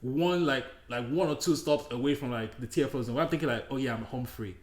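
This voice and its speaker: A man's voice: medium pitch, fast, echoey room. A man co-hosting a casual podcast, telling a rambling story packed with "like". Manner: rambling storyteller, heavy use of "like", animated when acting out scenes. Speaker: podcast co-host. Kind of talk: casual chat.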